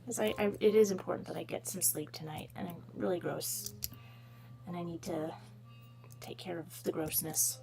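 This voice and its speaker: A woman's voice: on the low side, moderate pace, gravelly, music in the background. A woman hosting a drawing livestream, chatting casually and rambling, sometimes dropping into whispers. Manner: rambling, self-mocking, trails into whispers. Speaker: livestream host drawing requests.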